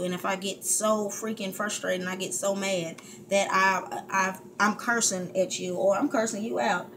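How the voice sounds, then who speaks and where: A woman vlogger venting candidly to her viewers, frustrated and heated, talking in fits and restarts at home. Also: mid-range voice. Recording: steady background hiss.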